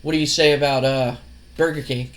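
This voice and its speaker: A man's voice: mid-range voice, steady tone, brisk, pitched below the performer's own voice, lightly acted. A man voicing a cocky male wrestler who trash-talks and boasts in a casual let's-play retelling. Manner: boastful, insulting.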